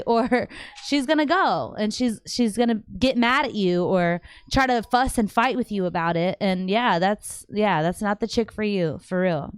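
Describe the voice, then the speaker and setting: Brief: woman host, smooth clear voice, dry close sound, animated and slangy. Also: mid-range voice, measured pace, no room sound. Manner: chatty, animated, slangy, trails off and restarts. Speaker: livestream host answering viewer questions. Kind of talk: casual live chat. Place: home.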